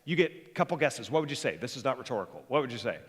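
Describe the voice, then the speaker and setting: A male pastor preaching a sermon, talking fast and jokey, with animated bursts of energy. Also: medium pitch. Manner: joking, conversational. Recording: long hall reverb.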